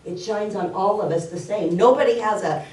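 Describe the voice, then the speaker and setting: A woman's voice: medium pitch, moderate pace. Woman giving a sermon in an echoey hall. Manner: warm storytelling, earnest, repeats key phrases. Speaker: spiritual speaker. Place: church hall. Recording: roomy hall, mic at a distance.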